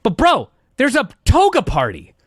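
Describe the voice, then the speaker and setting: A man with a high, lively voice, ranting and swearing his way through a casual chat. His tone swings up and down as he complains. The sound is close and dry. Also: normal speed, breathy edge, no echo. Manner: profane, exasperated ranting. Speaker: podcast co-host.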